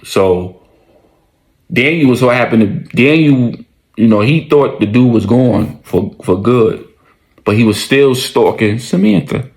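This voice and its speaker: A man's voice: mid-range voice, lively intonation, a little slow, creaky, a little mellow. A man casually telling a story in slangy, profane speech, often repeating his lines for emphasis.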